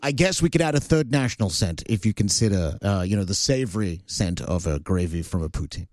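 A man's voice: low-pitched, animated, fairly quick, a little mellow, no room sound, studio quality. A Canadian man hosting a talk radio show, blunt and sarcastic, ranting between filler words. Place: radio studio. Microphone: studio microphone.

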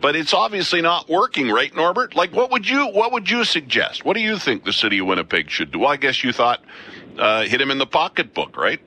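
A man's voice: on the high side, big pitch swings, brisk, bright, forceful tone. A man hosting a call-in radio talk show from a studio, chatting and thinking aloud. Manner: conversational, thinks aloud with restarts. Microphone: studio mic.

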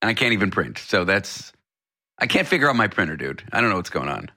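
A man's voice: low voice, very animated, fast, bright, forceful tone. A man in his forties hosting a radio talk show, bantering in a joking, self-deprecating way. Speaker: radio host. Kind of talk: casual radio chat.

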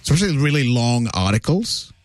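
Lively radio guy riffing on air, voice jumps around a lot, super dry close mic. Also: mid-range voice, no echo, faint music behind. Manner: animated, joking, quick asides. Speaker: radio show host. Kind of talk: casual on-air banter. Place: radio studio. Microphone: studio microphone.

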